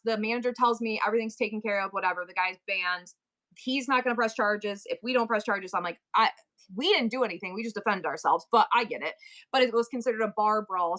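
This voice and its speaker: A middle-aged woman hosting a live selling stream, telling a story in a rambling, animated way full of asides and restarts. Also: mid-range voice. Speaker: live-stream seller and host. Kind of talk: casual storytelling chat.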